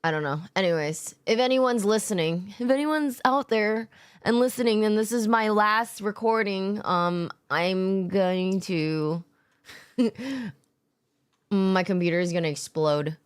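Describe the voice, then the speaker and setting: This woman speaks slowly in a smooth, mid-range voice. She's a streamer winding down after work, chatting loosely with her viewers, giggling, cursing without restraint, and calling out chatters by name while sounding tired.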